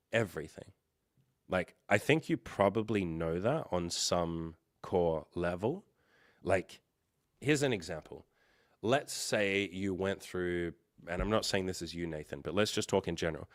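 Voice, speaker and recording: Deep-voiced male coach, calm and reassuring. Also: dry recording, clean studio sound. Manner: relaxed, reassuring, talks straight to viewers, swears casually. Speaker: coach and livestream host. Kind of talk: casual livestream coaching chat.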